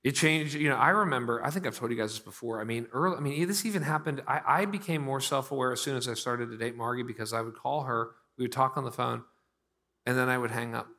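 With a mid-range voice, this thirty-something Pittsburgh pastor moves through his sermon by turns booming and emphatic, then quiet and slow.

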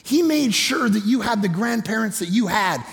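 A man from Canada preaching a sermon, moving between hushed storytelling and loud shouting, with a gravelly voice. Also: sits high, animated, moderate pace. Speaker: pastor. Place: church auditorium. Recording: long reverb of a large hall.

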